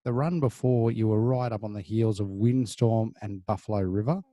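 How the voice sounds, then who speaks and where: A laid-back Australian man co-hosting a racing podcast, talking through form in a matter-of-fact way. His voice is low and mellow, never sharp. The sound is dry and close. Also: normal speed, dry recording. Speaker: podcast co-host. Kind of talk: casual horse racing tips chat.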